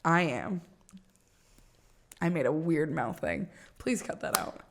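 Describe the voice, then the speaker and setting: A woman's voice: low-pitched, expressive, slow pace, gravelly, noisy background. A young woman co-hosting a podcast, telling rambling stories in casual chat, swearing and laughing often. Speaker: podcast co-host.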